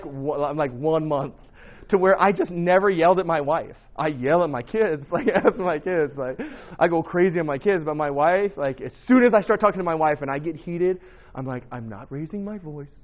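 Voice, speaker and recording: A man in his thirties preaching a casual sermon, loud and animated with joking asides. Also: on the high side. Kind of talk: casual sermon to young adults. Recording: dull lo-fi recording.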